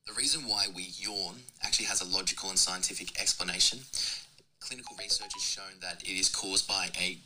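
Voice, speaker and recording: A man reading a mock-scientific joke in a deadpan, matter-of-fact voice note. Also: low voice, a little fast, exaggerated voice, low-quality recording. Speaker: dating app voice note sender.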